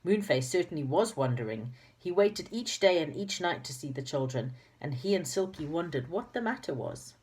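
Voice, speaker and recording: A woman's voice: sits low, expressive, normal speed, hardly any pauses, darkish tone. A woman reading a children's book aloud, with chatty asides and small slips. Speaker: reader.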